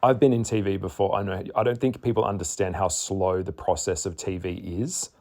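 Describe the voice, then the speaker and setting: Candid, chatty low-voiced man. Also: fairly even intonation, brisk, dark tone. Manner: candid, chatty, swears, laughs often. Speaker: astrologer. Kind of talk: casual spoken chart reading.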